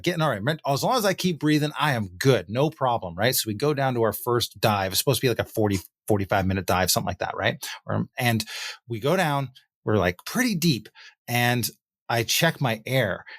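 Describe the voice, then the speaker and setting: A man hosting a podcast, telling relaxed anecdotes in casual conversation. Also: mid-range voice, moderate pace, dry recording, studio quality. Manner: relaxed, anecdotal, filler-heavy. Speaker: podcast host.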